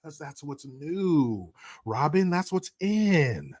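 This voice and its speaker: A man's voice: on the high side, very animated, takes it slowly, darkish tone. Mocking, profane male commentator. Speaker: commentary host. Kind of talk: casual commentary, reading viewer comments.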